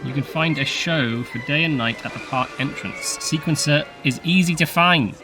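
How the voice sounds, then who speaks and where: A man's voice: fairly high pitch, normal speed, over music. A man hosting a casual video game park tour, chatty and playful, laughing often. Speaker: channel host.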